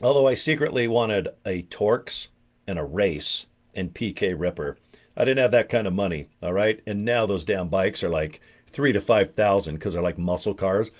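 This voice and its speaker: With a fairly low pitch at normal speed, a Californian man in his fifties who works as an online marketer rambles through jokey stories. It's a casual monologue, delivered in an animated, chatty way.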